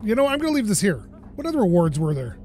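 A man's voice: high-pitched, fast talker, a little hiss or hum. A man hosting a gaming channel, talking to himself through a let's play and swearing when things go wrong. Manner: animated, self-talking, swearing when frustrated.

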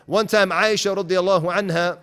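A man's voice: high-pitched, steady tone, brisk, a bit bright, clean tone. Earnest preaching man in a reverberant hall. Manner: earnest, direct preaching with rhetorical questions; mixes in Arabic terms and recited verses. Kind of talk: Islamic lecture. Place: lecture hall at an event.

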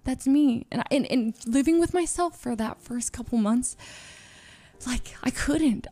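A woman streamer making an emotional confession to her audience. She talks haltingly, restarting phrases and filling gaps with nervous little laughs. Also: sits high, dark tone. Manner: halting and searching, with many restarts and fillers.

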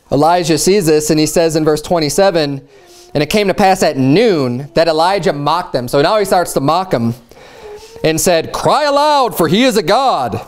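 A man delivering a sermon in a loose, conversational way, his voice sitting a little higher than most men's. He tells the story as if chatting, then leaps up in pitch to act out the quoted lines with a mocking edge. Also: a little mellow. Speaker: preacher.

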